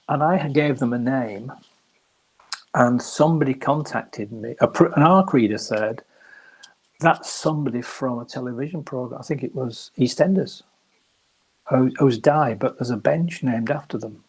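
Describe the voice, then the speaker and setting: Soft-spoken middle-aged guy, kinda husky, easygoing and self-mocking, never raises his voice. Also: mid-range voice, moderate pace, pauses often, poor audio. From Yorkshire. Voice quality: soft, soothing voice, never shouts. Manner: chatty, wandering, self-mocking. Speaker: crime author. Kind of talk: casual online interview.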